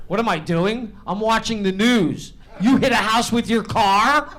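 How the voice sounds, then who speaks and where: Brash high-voiced male stand-up comic. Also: unhurried, few pauses. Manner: brash, swears freely, shouts punchlines. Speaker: stand-up comedian. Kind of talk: stand-up comedy set. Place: comedy club stage.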